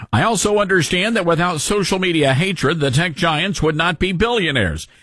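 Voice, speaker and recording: A man's voice: high-pitched, expressive, moderate pace, sharp tone, no room sound. A man hosting a radio talk show, delivering commentary with sarcastic, mocking asides from a studio.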